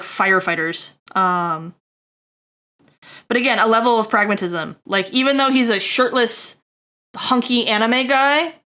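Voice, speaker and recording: A bright-voiced woman streamer rambles through a casual livestream critique of a character design, leaning on fillers and checking in with "right?". She tosses jokey asides to chat and bursts out high and loud.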